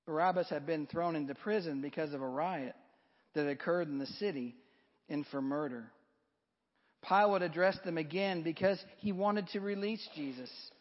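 A man's voice: moderate pace, muffled recording. Man reading scripture in a reverberant hall. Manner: rises loud and high for crowd lines, drops soft for narration. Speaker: scripture reader.

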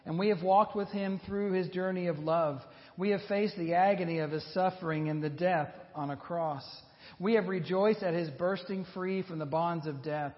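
A male pastor delivers an earnest sermon with a somewhat high voice, pausing slowly to press his points home. The sound is dull and lo-fi, and a long reverb trails from the church hall around him. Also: steady tone. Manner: earnest, measured preaching with slow emphatic pauses.

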